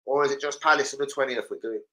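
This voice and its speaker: Young man, London accent, livestream host, laddish swearing, bright forceful voice. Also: medium pitch, fast, rough recording. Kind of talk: casual live chat reading comments. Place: home, indoors.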